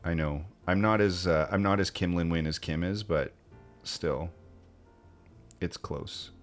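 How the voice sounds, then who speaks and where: A man streaming live, chatting casually and animatedly with his viewers and mimicking excited fans. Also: a little slow, faint music behind. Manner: animated, laughing, mimics fans in high squeals.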